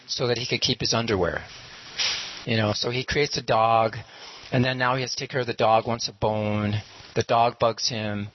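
A man casually retelling a parable, rambling with many fillers and acting out the characters' lines. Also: medium pitch. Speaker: storyteller. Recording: muffled lo-fi recording.

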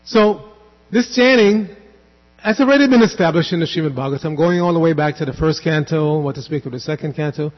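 A man's voice: a little high, in a large hall, dull audio. A man giving a devotional scripture class, explaining at length, wandering off on asides and chanting Sanskrit verses.

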